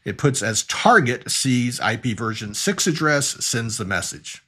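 A man's voice: medium pitch, big pitch swings, a little slow, bright, forceful tone, husky. A man teaching a recorded networking lesson, walking through diagrams step by step in an explanatory way. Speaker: networking instructor.

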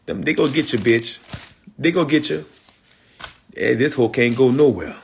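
Gravelly New man hosting a livestream. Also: mid-range voice, moderate pace, slight background noise. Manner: loose, repetitive street slang, calling out viewers. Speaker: livestream host. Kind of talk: casual livestream chat.

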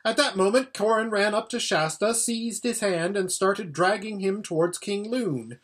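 A man reading a children's novel aloud with expressive, lively storytelling. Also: high voice, moderate pace, few pauses, slightly rough. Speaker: audiobook reader. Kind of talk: storybook read-aloud narration.

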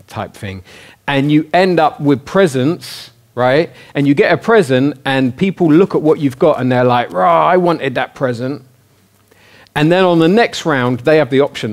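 A man preaching a sermon in a casual, conversational way, often asking his listeners questions. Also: mid-range voice. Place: church hall.

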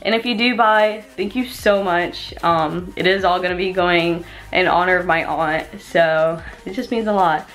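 A woman's voice: fairly low pitch, a little slow, few pauses, a bit bright, soft background music. A young woman vlogging from home, chatty and bubbly, talking straight to her viewers. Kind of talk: casual vlog chat.

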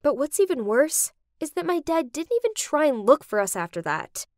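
A young woman giving dramatic scripted narration for an animated story. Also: high voice, normal speed, dry recording, studio quality.

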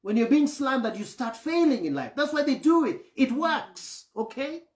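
A man's voice: very high-pitched, very animated, moderate pace, echoey room. A man preaching a sermon, often checking that his listeners follow him and acting out the voices of grumbling people. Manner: asks the congregation for assent often; acts out grumbling voices to illustrate.

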